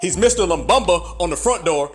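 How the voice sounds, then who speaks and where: A man from the United States with a notably high voice delivers a fiery, profane monologue, preaching at his listeners with one rhetorical question after another. Soft music plays faintly under his talk. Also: animated, fairly quick. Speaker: podcast host. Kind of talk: heated political commentary.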